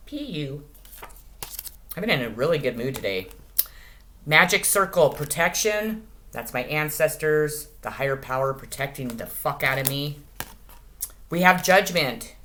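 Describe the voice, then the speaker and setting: A woman giving a casual tarot reading to her channel, crude and profane, jumping between loud cries and quiet asides. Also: sits low, slight background noise. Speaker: tarot reader.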